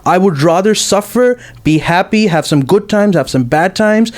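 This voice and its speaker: A young man argues his side in a casual podcast chat, firm and insistent. His voice sits a little high for a man. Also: expressive, moderate pace. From Australia. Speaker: podcast co-host.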